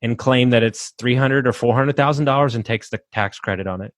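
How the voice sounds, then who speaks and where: A man's voice: medium pitch, a little fast, no room sound, studio quality. A man speaking as a guest on a podcast, talking in an emphatic, fired-up way, swearing freely and preaching like a coach. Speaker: podcast guest, real estate investor. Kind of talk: motivational podcast talk.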